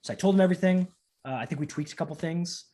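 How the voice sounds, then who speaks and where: Man telling a lively anecdote in a fairly high voice. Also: rapid-fire. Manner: animated, acts out the voices of people in his stories, fills in with "like". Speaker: professional wrestler, interview guest. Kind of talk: casual interview storytelling.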